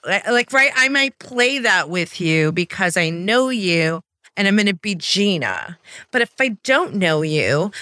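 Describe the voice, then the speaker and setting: Bright, animated woman sales trainer. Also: lowish voice, no echo. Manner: animated storyteller, acts out quotes. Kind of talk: casual podcast chat.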